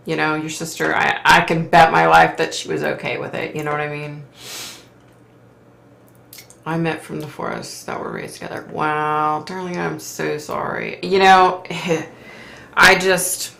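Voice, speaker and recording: A woman's voice: low-pitched, little pitch movement, a little slow, creaky, fairly bright tone, echoey room. A middle-aged woman hosting a psychic livestream, reading viewer comments aloud and answering with sympathy and frequent sighs. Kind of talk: casual live chat reading comments.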